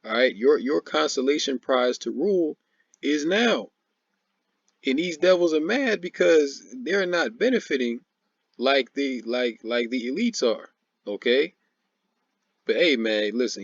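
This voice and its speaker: A man's voice: medium pitch, no echo, muffled recording. A man giving informal preaching commentary, mocking and laughing often, repeating "man" and "all right" as he reads and explains scripture. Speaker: religious commentator.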